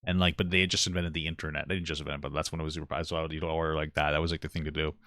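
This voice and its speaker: A man's voice: rumbling low, racing, dry recording, studio quality. A man in his thirties co-hosting a casual podcast chat, blunt and profane, often laughing at himself. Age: 30s. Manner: blunt and profane, self-deprecating, animated swings in loudness. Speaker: podcast co-host.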